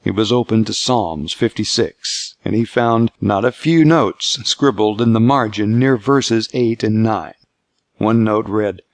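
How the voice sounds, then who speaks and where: A man reading scripted narration for an audiobook in a measured, steady way. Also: on the low side, no room sound.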